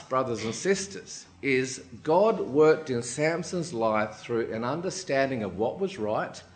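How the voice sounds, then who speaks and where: Lively male preacher in an echoey hall. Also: medium pitch. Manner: lively, acts out quoted voices, keeps asking "right?". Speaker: lay preacher. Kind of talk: sermon with personal stories. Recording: roomy hall echo.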